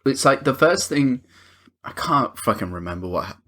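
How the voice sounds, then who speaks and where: Bright, animated man making crude quips. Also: medium pitch, moderate pace. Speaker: podcast co-host. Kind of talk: casual film-review banter.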